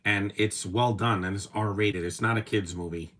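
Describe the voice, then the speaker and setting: A man's voice: lowish voice, fairly even intonation, normal speed, a bit bright. A man in his thirties giving casual, opinionated live commentary while watching a movie, rambling with restarts and fillers.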